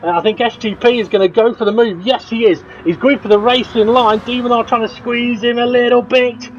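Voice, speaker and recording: A man commentating a sim race, excitable, laughing often and jumping up at crashes. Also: very high voice, brisk. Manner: excitable, laughs often, rises sharply at incidents. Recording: dull lo-fi audio with clear background noise.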